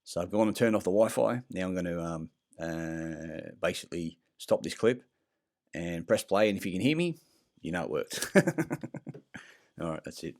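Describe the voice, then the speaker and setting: A man's voice: deep voice, animated, normal speed, a little mellow. A man talking in a rambling vlog monologue, blunt and profane, full of fillers and restarts. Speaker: vlogger. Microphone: self-recorded clip.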